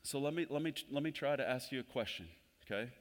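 Male pastor, mid-pitched, casual sermon delivery with emphatic build-ups, long church-hall reverb. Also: quick pace. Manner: conversational, swells louder and higher when stressing a point. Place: church sanctuary.

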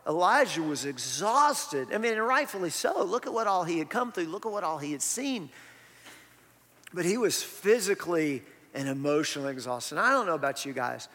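A man's voice: on the high side, big pitch swings, normal speed, bright, forceful tone. A man, preaching a sermon in a conversational way and tossing rhetorical questions to the congregation. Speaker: pastor. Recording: long reverb of a church hall.

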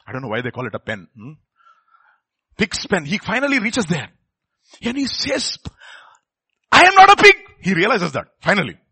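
A male preacher delivers a sermon in a fairly high, bright voice with a husky edge. His pitch leaps around, and he keeps asking the congregation rhetorical questions. He moves between soft asides and forceful, loud emphasis, recorded dry and close. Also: wildly swooping pitch, moderate pace, pauses often, no room sound.

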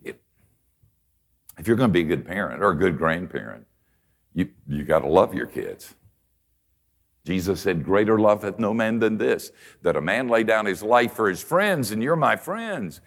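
An older man preaching a conversational sermon, telling folksy stories and swinging from soft asides to emphatic points. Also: lowish voice, lively intonation, moderate pace, vocal fry.

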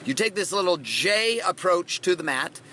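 Brief: middle-aged male motivational host, high bright voice, brash and profane, faint traffic noise outside. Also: expressive, moderate pace. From Washington state, USA. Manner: brash, profane, punchy delivery with dramatic swings. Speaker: podcast host. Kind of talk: motivational monologue.

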